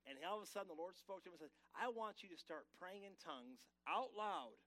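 A man preaching a Sunday sermon with a slightly high voice. He urges the congregation to answer him aloud and reads scripture with emphasis. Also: lively intonation, fast talker, pushed and bright, low-quality recording. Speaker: pastor. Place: church sanctuary.

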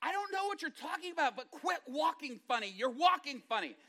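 A man voicing his bewildered young wife as she shouts at him in exasperation, retelling it from the pulpit. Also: brisk. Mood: exasperated shouting. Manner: loud, high, exasperated hollering.

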